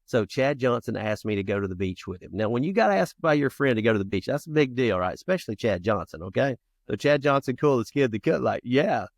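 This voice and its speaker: Speaking at medium pitch and a fairly quick clip with few pauses, this man in his fifties is a founder and youth coach appearing as a podcast guest. He's a lively, earnest storyteller who acts out childhood scenes, restarting and adding asides throughout the interview. The studio-quality recording is dry.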